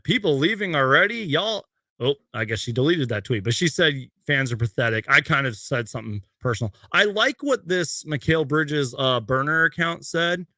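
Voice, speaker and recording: Young man, choked up, bright voice, dry close webcam sound, halting fan rant. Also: mid-range voice, no echo. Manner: emotional, halting, reads tweets aloud. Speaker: host. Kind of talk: post-game fan rant. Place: bedroom at home.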